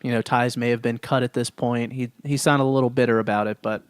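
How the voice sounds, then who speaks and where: A man co-hosting a podcast, talking in an easy, matter-of-fact way and moving the chat from one topic to the next. His voice sits at an ordinary middle pitch. The sound is dry and close, with no room around it. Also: fairly even intonation, quick pace, clear, resonant tone, no room sound. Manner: steers the topics, laid-back and matter-of-fact. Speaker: podcast co-host.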